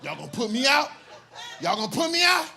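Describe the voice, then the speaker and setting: A frantic homeless man shrieks his begging far above a normal speaking pitch, loud and relentless. He repeats the same plea over and over in a screeching, desperate voice. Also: wildly swooping pitch, brisk, vocal fry, full character voice. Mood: wailing. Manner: screeching, repetitive pleading.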